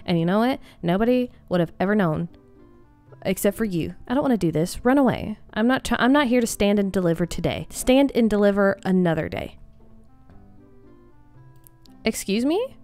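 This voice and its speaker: A woman gaming host chats casually over her own play, poking fun at herself as she goes. Her voice sits in an ordinary middle range. Soft music plays quietly behind her. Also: medium pitch, animated, moderate pace, pauses often. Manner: chatty and self-mocking, laughs often. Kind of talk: casual gameplay commentary.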